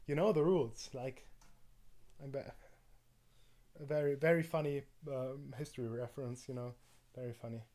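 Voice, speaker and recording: A man's voice: mid-range voice, fairly even intonation, moderate pace, long pauses, warm tone. A man streaming in a casual chat, rambling and hesitant with frequent restarts and fillers.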